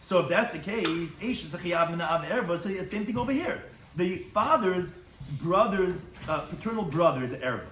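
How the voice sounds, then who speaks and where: A man's voice: high voice, expressive, fairly quick, fairly bright tone, reverberant, recorded from a distance, slight background noise. A man, a rabbi, giving a Talmud lecture and translating Hebrew and Aramaic terms as he goes. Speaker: rabbi teaching a daily Talmud class.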